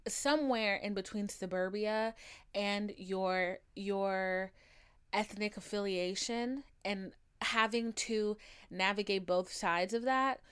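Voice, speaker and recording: A young American woman with a slight Southern twang, telling a personal story on her podcast in a chatty, swearing, filler-heavy way. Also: medium pitch. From United States. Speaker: podcast host. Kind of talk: casual storytelling monologue.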